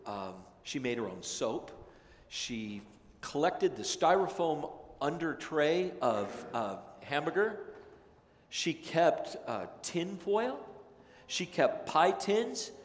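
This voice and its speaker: A male pastor preaching a conversational, self-deprecating sermon, slipping into lively voices when he quotes people. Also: fairly high pitch, takes it slowly. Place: large church sanctuary. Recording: echoey sanctuary, long reverb.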